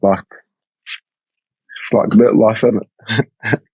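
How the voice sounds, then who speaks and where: Gravelly laid-back young man. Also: on the low side, flat delivery, takes it slowly, mellow, no room sound, muffled recording. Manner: laid-back storyteller, chuckling, slangy. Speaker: podcast co-host. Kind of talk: casual chat. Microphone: remote call.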